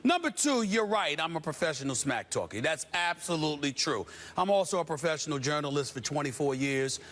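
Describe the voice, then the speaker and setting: A man's voice: on the high side, animated, fairly quick, fairly bright tone. Emphatic, sarcastic male sports debate host. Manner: emphatic, sarcastic, sometimes mock-singing. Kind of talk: heated sports debate rant.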